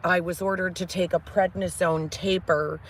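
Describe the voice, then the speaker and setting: A woman's voice: lowish voice, steady tone, moderate pace, a little hiss or hum. A woman ranting animatedly and profanely about her old job on a live stream, mimicking others in a raised voice.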